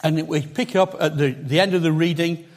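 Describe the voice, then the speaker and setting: A man's voice: on the high side, steady tone, moderate pace. A man preaching a sermon in a conversational, emphatic way, with chatty asides to the congregation.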